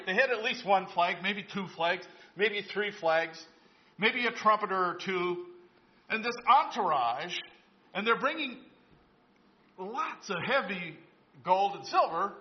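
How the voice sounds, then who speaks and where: A man's voice: sits high, dull audio. A man preaching a sermon, retelling a Bible story conversationally and asking the congregation questions. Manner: storytelling, voices biblical characters in asides. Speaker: pastor.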